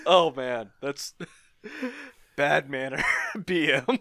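A man's voice: fairly high pitch, sing-song, extremely slow, creaky, bright, forceful tone, no room sound, studio quality. A man co-hosting a podcast in casual chat, laughing often and firing off exasperated questions. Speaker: podcast co-host.

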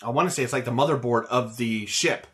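A man co-hosting a casual gaming podcast, animated and enthusiastic, quick to tease the others. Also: medium pitch. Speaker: podcast co-host.

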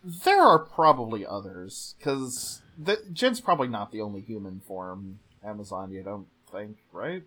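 A man's voice: on the low side, animated, measured pace, few pauses, pushed and bright. A man co-hosting a podcast, chatting casually and joking through an episode recap. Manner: chatty, joking, laughs often. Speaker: podcast co-host.

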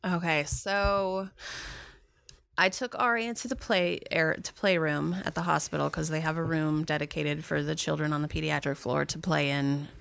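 A woman, a mother, recounting a painful personal story in a slow, halting way, acting out what others said to her. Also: low-pitched, fairly even intonation, gravelly, a bit bright, no echo. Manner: slow, halting retelling with quoted dialogue. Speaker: guest, mother.

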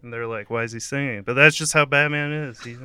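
A man's voice: mid-range voice, fairly even intonation, quick pace, sharp tone, clear, resonant tone, dry recording, studio quality. A man giving a playful, giggly play-by-play of an imagined scene, often breaking into laughter. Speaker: comedic narrator. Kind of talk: playful play-by-play over a song. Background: song playing.

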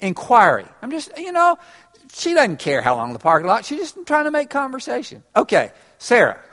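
A man's voice: extremely high pitch, huge pitch swings, normal speed, fairly bright tone. A man preaching an interactive sermon, talking conversationally and laughing along with his congregation. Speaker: pastor. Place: church. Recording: reverberant church hall.

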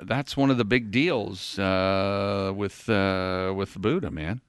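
A man's voice: fairly low pitch, takes it slowly, clean tone, no room sound, clean studio sound. A man co-hosting a radio show, reading news items and teasing his co-host wryly. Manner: wry, teasing, reads news items aloud. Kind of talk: casual morning show banter.

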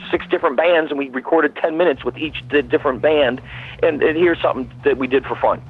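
Calling in as a guest musician, a man with a high-leaning, breathy voice talks a little fast in a casual phone chat. He rambles and circles back over the same points, all through a tinny line.

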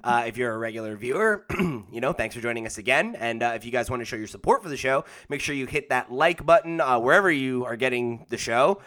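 A man hosting a casual gaming podcast, jokey and energetic, with lots of uh and um fillers. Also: mid-range voice, fast, hardly any pauses. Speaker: podcast host. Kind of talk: casual podcast chat and plugs.

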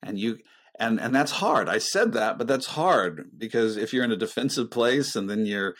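A middle-aged man talking earnestly about faith and relationships, with a pastoral manner, often dropping into a soft, low voice. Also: expressive, moderate pace. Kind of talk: reflective faith conversation.

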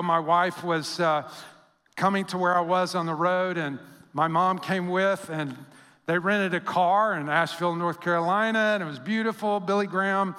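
A male pastor with a high, bright voice delivers a sermon in a hall with a long echo. He tells stories with animated quoted voices, then drops to a soft hush to stress a point.

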